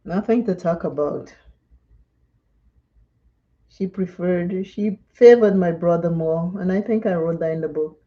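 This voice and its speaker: A woman's voice: on the low side, unhurried, pauses often, muffled recording. A woman from Dominica, chatting and telling stories during a live makeup tutorial and laughing often. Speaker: makeup vlogger.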